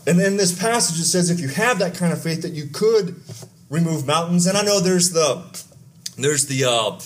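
A Texas pastor delivers a conversational sermon, weaving in asides, stories, and questions to the congregation. His male voice is a little high, with lively intonation and a moderate pace.

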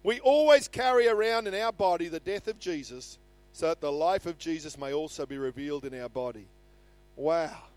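Man, older pastor, earnest sermon, high voice, soft music underneath. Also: expressive, moderate pace, no echo. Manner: earnest preaching, reads scripture aloud with rising emphasis. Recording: faint music behind.

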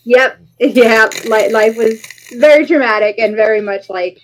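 A woman in her forties, a guest in a casual interview, telling a story with dramatic, animated retellings and acted-out quotes. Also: on the high side, measured pace, slight background noise, rough recording.

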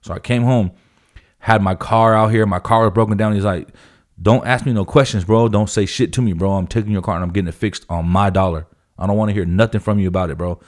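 With a fairly low pitch and steady tone, a Californian man in his thirties talks fast as a podcast guest. His casual storytelling is profane and emphatic, and "bro" comes up constantly.

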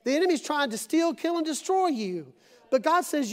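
A middle-aged man preaching a sermon to his congregation in church, dramatic, acting out voices and swinging between loud and hushed. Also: very high-pitched, expressive, brisk. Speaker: pastor.

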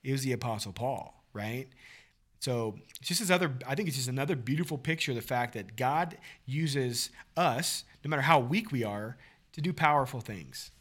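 A man's voice: mid-range voice, expressive, normal speed, fairly bright tone. A man co-hosting a casual Bible discussion, acting out quoted dialogue with animation. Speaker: podcast co-host.

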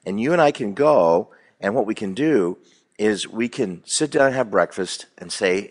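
A man co-hosts a casual talk show with a slightly husky voice. He tells stories with wide swings of pitch. He slips into the voices of the people he quotes. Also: normal speed. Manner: animated storyteller, acts out quoted voices. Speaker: co-host. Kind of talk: casual radio chat.

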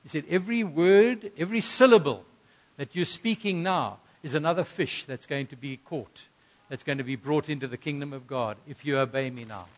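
A middle-aged man preaching from the pulpit, his voice sitting a little higher than most men's. He tells his story earnestly and pushes certain phrases out with sudden emphasis. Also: moderate pace. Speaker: pastor. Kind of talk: sermon.

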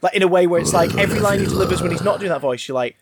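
Rapid-fire and high-voiced, a man co-hosting a podcast goes on an animated, sweary, rambling rant about a film in a casual review chat. The recording is very noisy.

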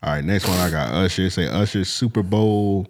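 A man's voice: low-pitched, normal speed. A man co-hosting a podcast in casual chat, laid-back and joking, heavy with slang. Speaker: podcast co-host.

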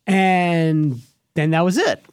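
A man's voice: a little high, takes it slowly, smooth, no room sound, clean studio sound. A man hosting a radio show, telling a personal story in a rambling, hesitant way full of restarts. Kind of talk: casual storytelling chat.

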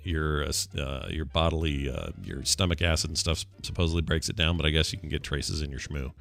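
A man's voice: very deep voice, steady tone, fairly quick, creaky, a bit bright, faint music behind. A man co-hosting a casual comedy podcast, reading odd news stories aloud and joking between the lines. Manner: jokey, reads stories aloud with asides. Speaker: podcast co-host. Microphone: remote call setup.

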